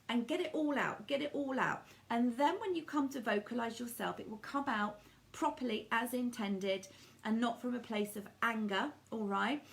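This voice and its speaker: Lady medium, gravelly voice, chatty and fond with everyone, calls them sweetie. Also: a little high. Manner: affectionate, calls viewers darling and sweetie. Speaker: medium doing live card readings. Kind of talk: live-stream card reading and chat.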